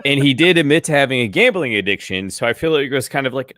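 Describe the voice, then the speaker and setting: A man's voice: mid-range voice, animated, fast talker, a bit bright, dry recording, studio quality. A man co-hosting a sports podcast, talking casually in a wry, reasoning way. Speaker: podcast co-host.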